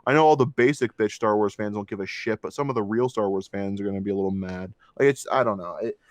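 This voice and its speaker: A man's voice: fairly low pitch, quick pace, dry recording. A man co-hosting a casual movie review podcast, ranting with heavy swearing and mocking voices. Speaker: podcast co-host.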